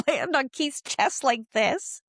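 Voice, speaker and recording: A woman in her fifties hosting a podcast, telling personal stories in a casual, excitable way and laughing often. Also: high voice, drawn-out words, no room sound, clean studio sound. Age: 50s. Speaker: podcast host.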